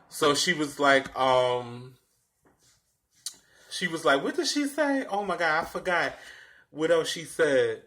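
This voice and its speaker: A young man casually telling a personal story in a dramatic, animated way, swearing freely. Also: fairly high pitch, measured pace. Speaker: vlogger.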